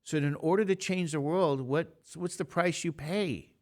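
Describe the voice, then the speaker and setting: A math teacher in his fifties rambles casually to his class between examples, tossing jokey asides to the students. His voice sits on the high side and he speaks at a moderate pace.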